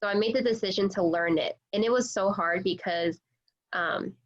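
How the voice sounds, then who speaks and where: A chatty woman, a real estate agent, talks casually on a video call, scattering fillers as she goes. Her voice sits at an ordinary middle pitch. The call audio is dull and lo-fi. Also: normal speed. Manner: chatty, many fillers like "like" and "you know".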